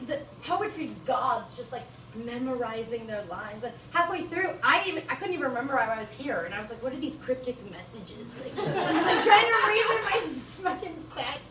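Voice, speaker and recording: A high, lively woman's voice, a young comedian from Bolivia rambling through a crude stand-up set and giggling at her own jokes. She is heard from a distance in an echoey small venue, with steady noise behind her. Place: small venue with live audience. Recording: roomy, distant live room recording with noise.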